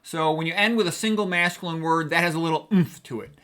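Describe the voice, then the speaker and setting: A man's voice: a little high, fast talker, bright, forceful tone, clear, resonant tone. A middle-aged man teaching writing in a casual, conversational lecture, often checking in with "okay". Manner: conversational, chatty, punctuates with "okay".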